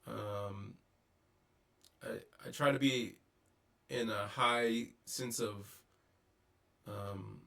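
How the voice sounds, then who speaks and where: A man with a lowish, gravelly voice talks through his thoughts in a casual vlog. He hesitates often, filling gaps with ums and starting sentences over. The audio is poor, as if the mic sits some distance away. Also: steady tone, pushed and bright. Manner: halting, many ums and restarts. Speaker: vlogger. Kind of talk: casual reflective monologue.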